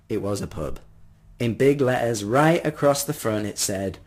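Husky expressive male storyteller. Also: medium pitch, normal speed. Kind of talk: first-person story narration.

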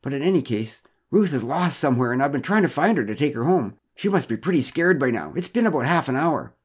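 A rattled middle-aged father, loud and high-strung, stammering through excuses, as a man puts him on. The voice jumps around with plenty of swing, blustering and defensive. A storybook figure. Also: sing-song, quick pace, breathy edge. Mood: flustered. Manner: blustering, stammering, protests too much.

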